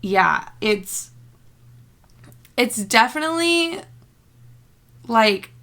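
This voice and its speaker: A woman's voice: a little high, animated, drawn-out words, pushed and bright. A young woman chatting in a casual book vlog, bubbly and rambling, full of fillers and laughter. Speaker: book vlogger. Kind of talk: casual reading-reaction vlog.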